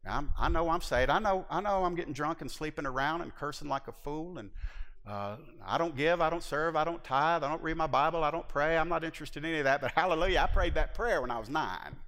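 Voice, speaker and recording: A man's voice: fairly high pitch, fast, a bit bright, voice pushed down. A man voicing a careless, smug churchgoing man with a drawling Southern US accent. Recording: long hall reverb.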